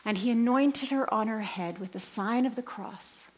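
A woman leading a pilgrimage group, telling a story as a sermon. She swings between lively emphasis and hushed, near-whispered passages. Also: on the high side, moderate pace. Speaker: Christian speaker and pilgrimage leader.

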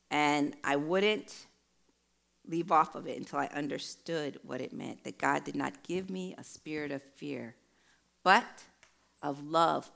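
A woman's voice: low voice, gravelly, bright, forceful tone. A middle-aged woman preaching a sermon, telling a personal testimony in an earnest, emphatic storytelling way.

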